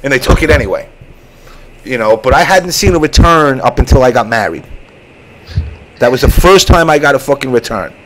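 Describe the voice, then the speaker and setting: A man's voice: mid-range voice, fairly quick, long pauses, low-quality recording. A man hosting a casual online show, telling a long story with lots of swearing and acted-out voices. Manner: profane, animated storytelling. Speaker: show host. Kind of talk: casual chat.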